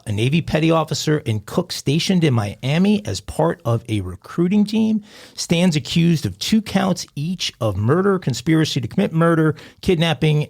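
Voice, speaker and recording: A man's voice: fairly high pitch, vocal fry, a little mellow. A man co-hosting a crime podcast, reading news stories aloud and adding jokey asides. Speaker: podcast co-host.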